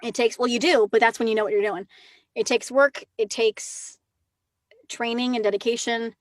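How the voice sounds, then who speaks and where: A woman with a high, bright-pitched voice talks easily as an interview guest. She is chatty and lively, tumbling into quick asides. Her voice sits close and dry, with no room around it. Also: no room sound. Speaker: actress guest. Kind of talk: casual interview chat.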